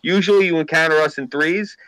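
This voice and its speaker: A man's voice: a little high, brisk, bright, forceful tone, no room sound, rough recording. A man hosting a live stream, chatting casually and telling rambling, profane stories.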